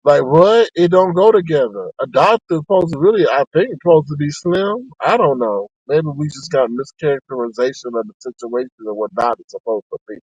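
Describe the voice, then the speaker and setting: A man giving sassy, animated live-stream commentary to his chat. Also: brisk, hardly any pauses, husky, no room sound, muffled recording. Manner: sassy and animated, with sharp pitch swings.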